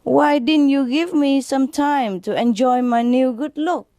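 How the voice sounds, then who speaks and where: A woman's voice: high voice, a little slow, warm tone, no room sound, studio quality, pitched above the performer's own voice. A woman voicing a disappointed man newly arrived in heaven, in a joke told to an audience. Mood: aggrieved.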